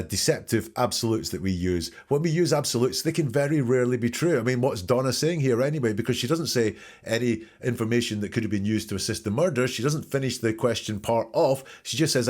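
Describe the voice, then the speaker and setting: A man's voice: medium pitch, darkish tone. A man hosting a podcast, analyzing courtroom testimony in an emphatic commentary style and asking rhetorical questions. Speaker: podcast host.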